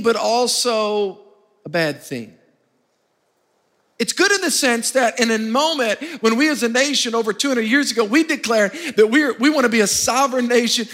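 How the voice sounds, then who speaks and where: Male pastor, high bright voice, emphatic sermon delivery with call-and-response, long church-hall reverb. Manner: emphatic, calls for congregation responses.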